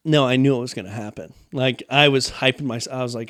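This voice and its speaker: A man's voice: mid-range voice, quick pace, fairly bright tone, no room sound, studio quality. A young man co-hosting a podcast, rambling through a self-mocking story in casual chat. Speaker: podcast co-host.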